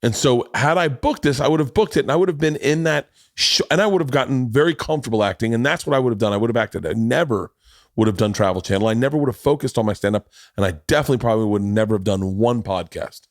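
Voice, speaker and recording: A man in his forties hosting a podcast, telling a long story in casual chat, animated and swearing, jumping into quoted voices. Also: medium pitch, fast talker, no echo, clean studio sound. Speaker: podcast host.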